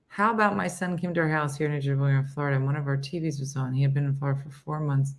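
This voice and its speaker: A woman's voice: very deep voice, steady tone, fast, hardly any pauses. A woman in her sixties hosting a casual morning show, chatting and reading out viewer comments with self-mocking humor. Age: 60s. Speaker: show host.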